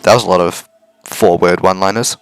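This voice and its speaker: A man's voice: low voice, steady tone, fairly quick, smooth, no echo, faint music behind. A man casually commenting with jokey asides while reading a visual novel aloud. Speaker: gaming video host.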